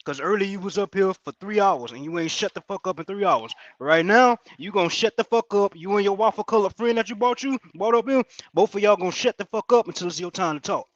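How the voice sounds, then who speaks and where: A man with a high voice runs a heated online audio room and orders people to be quiet in blunt, profane language. He sounds commanding and fed up. The audio is dry and dull, like a lo-fi voice chat. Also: fairly quick, hardly any pauses, no echo.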